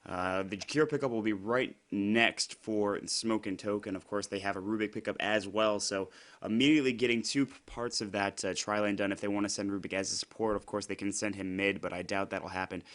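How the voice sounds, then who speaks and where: Young guy casting a game solo, bit hoarse cuz he's sick, lowish voice, lots of uh and you know. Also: steady tone, a little fast, a bit bright. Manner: chatty, rambling, frequent fillers and self-corrections. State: slightly hoarse from illness. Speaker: esports commentator. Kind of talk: solo play-by-play commentary.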